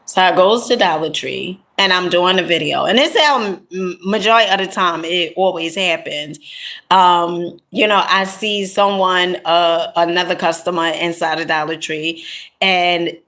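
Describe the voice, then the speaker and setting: A woman's voice: fairly low pitch, a little slow, a bit bright. A woman vlogger telling a story in a casual, rambling way, with many fillers and restarts, calling her viewers pet names like honey and my love. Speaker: content creator.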